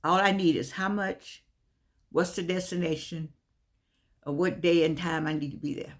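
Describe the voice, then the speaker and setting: A woman's voice: on the low side, steady tone, normal speed. Chatty woman with slightly slurred words. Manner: chatty, meandering, repeats herself. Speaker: vlogger. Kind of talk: casual monologue to camera.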